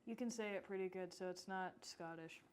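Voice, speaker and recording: A woman's voice: mid-range voice, fairly quick, clear, resonant tone. A woman co-hosting a casual podcast chat in a library podcast room, blunt, laughing and swearing freely. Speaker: podcast co-host.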